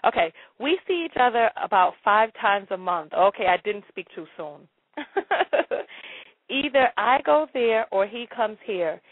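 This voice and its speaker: A woman's voice: medium pitch, lively intonation, measured pace, dry recording. Stammering, laughing woman on a tinny line. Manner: laughs often, stammering repeats, dramatic exclamations. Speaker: radio advice show host. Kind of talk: live call-in advice show.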